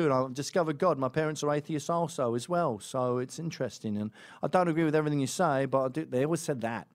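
A man's voice: a little high, fast talker. A man hosting a podcast, telling a long casual story with many asides and self-corrections, and acting out the other people in it. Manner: acts out quoted voices in the stories. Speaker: podcast host.

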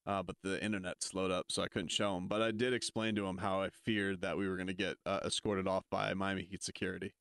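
A man's voice: low-pitched, flat delivery, fast talker, hardly any pauses, a bit bright. A man cohosting a casual sports talk show, rambling and repeating himself as he tells a goofy story. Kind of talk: casual banter.

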